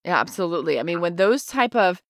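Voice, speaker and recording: A middle-aged woman co-hosts a casual parenting podcast, speaking earnestly and emphatically and using everyday examples to explain her points. Her voice is on the low side, animated and fast, recorded with studio quality and no echo.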